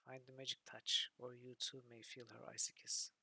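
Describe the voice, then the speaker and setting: A man voicing a strange old woman seer in a video game, with a hoarse, gravelly voice chanting slowly. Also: mid-range voice, little pitch movement, bright, forceful tone, dry recording, heavily acted. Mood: eerie. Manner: slow, chanting.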